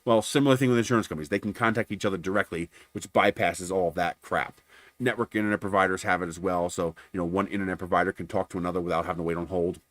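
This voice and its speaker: A man's voice: sits low, steady tone, quick pace, no echo. A man hosting a livestream, casually telling a long story, acting out both sides of phone calls and swearing freely. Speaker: livestream host.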